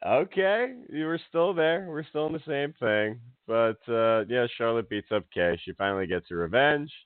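A man co-hosting a casual wrestling chat, talking in an animated, rambling way and laughing often. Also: medium pitch, normal speed, clean tone, dry recording. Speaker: podcast co-host. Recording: dry, phone-like audio.

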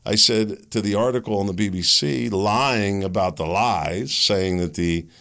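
Low gravelly man ranting on a podcast. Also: a bit bright. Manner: agitated, ranting with sarcastic laughs; rhetorical questions, halting restarts. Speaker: podcast host. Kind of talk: opinion podcast monologue.

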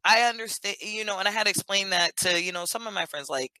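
A woman's voice: mid-range voice, fast, pushed and bright, no room sound, poor audio. A woman guest on a podcast, talking casually and chattily with lots of "you know" and "like". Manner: chatty, filler-heavy with frequent "you know" and "like".

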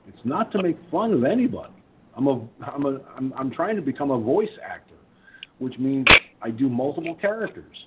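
A man's voice: mid-range voice, big pitch swings, fairly quick. A man hosting an online talk radio show, chatting and telling stories about doing voices. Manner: talkative, storytelling, chuckling at himself. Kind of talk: casual chat. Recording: tinny phone-line audio with faint noise.

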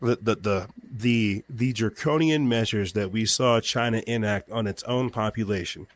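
A man speaking as a guest on a talk show, talking quickly, repeating words as he gets fired up. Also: on the low side. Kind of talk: podcast interview.

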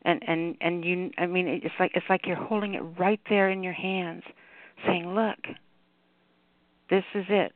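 A woman hosting a call-in radio show, affectionate and quick to laugh, heard over a tinny phone line. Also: fairly low pitch, level tone, no room sound.

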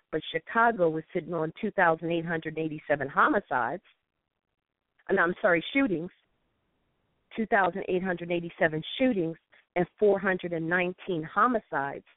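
A woman's voice: fairly low pitch, normal speed, no room sound. A woman from St. Louis calling in to a talk show, telling an impassioned story with quoted dialogue. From St. Louis, USA. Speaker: call-in guest. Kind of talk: phone call-in talk show. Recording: tinny dry phone line.

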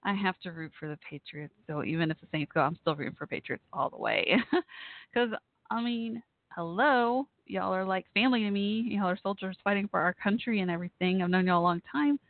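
A woman's voice: mid-range voice, a little fast, no echo. Giggly woman on a tinny line. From Texas. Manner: chatty and giggly, with frequent laughs and fillers. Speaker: talk show host. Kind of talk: casual call-in radio chat.

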